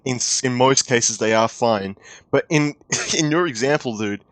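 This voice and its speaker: A man's voice: medium pitch, measured pace, no echo. A young man giving a heated, profane commentary rant with exasperated outbursts. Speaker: YouTube commentator.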